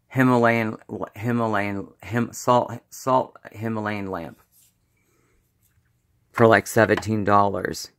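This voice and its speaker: A man with a somewhat low voice rambles through a casual show-and-tell, trailing off and restarting his sentences. He speaks slowly, with a slight lisp and a slightly slurred edge to his words. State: slurred speech. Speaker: vlogger.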